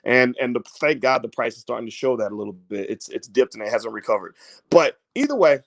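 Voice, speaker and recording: A man's voice: mid-range voice, expressive, brisk, dry recording. A man giving casual livestream finance commentary, folksy and preachy, with everyday analogies and repeated phrases for emphasis.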